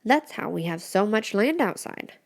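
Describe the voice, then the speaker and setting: A woman voicing a small, gentle mushroom creature with a lightly teasing way of talking. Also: mid-range voice, expressive, moderate pace, creaky. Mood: amused.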